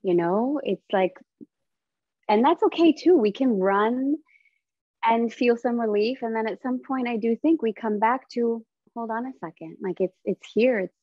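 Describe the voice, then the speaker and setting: A woman's voice: medium pitch, no room sound. Woman guest; earnest, reflective, dry and slightly dull lo-fi sound. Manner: earnest, reflective, acts out inner voices in quotes. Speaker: guest, business founder. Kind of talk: casual interview conversation.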